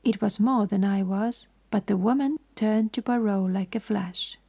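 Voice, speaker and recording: A woman reading a sleep story in a whispered, slow, hushed voice. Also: mid-range voice, slightly rough.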